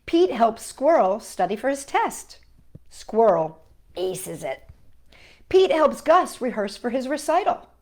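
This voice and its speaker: High, lively woman reading to kids. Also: slow pace. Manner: gentle, animated storybook delivery with sound effects. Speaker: children's storyteller. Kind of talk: reading a picture book aloud to children.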